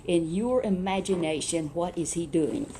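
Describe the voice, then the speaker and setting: A woman telling a children's Bible story in a lively, chatty way, with asides to a puppet. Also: fairly low pitch, normal speed, a little hiss or hum.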